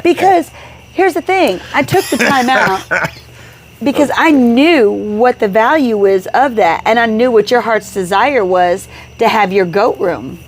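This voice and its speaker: Animated woman telling a story. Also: fairly high pitch, measured pace, slight background noise. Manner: animated storyteller acting out quoted dialogue. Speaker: podcast co-host. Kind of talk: casual chat.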